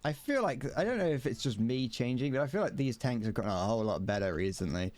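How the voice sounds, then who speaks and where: A man's voice: mid-range voice, expressive, fast talker, darkish tone. A man with a British accent chatting casually while streaming a game, rambling, restarting his sentences and chuckling often. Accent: British English.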